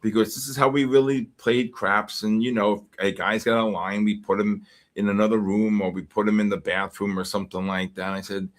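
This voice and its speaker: A man from the Bronx, hosting a live futures trading stream and reacting excitably to the market while greeting viewers. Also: fairly low pitch, fairly quick. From the Bronx, New York. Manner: excitable, greets chat names in bursts. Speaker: host and futures trader.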